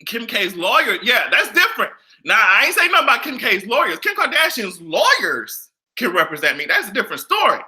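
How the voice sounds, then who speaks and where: A man giving casual pop culture commentary and reacting to a live chat, profane and loud, often bursting into laughter and shrieks. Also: high voice, wildly swooping pitch, a little fast, few pauses.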